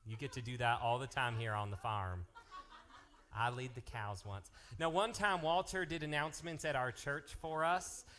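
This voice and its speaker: An energetic man running a youth group, cracking jokes and jumping from topic to topic. His pitch sits in the middle of the male range. He speaks to a live room of teens. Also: normal speed. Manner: energetic, joking, jumps between topics. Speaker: youth pastor. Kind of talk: live youth ministry announcements and storytelling.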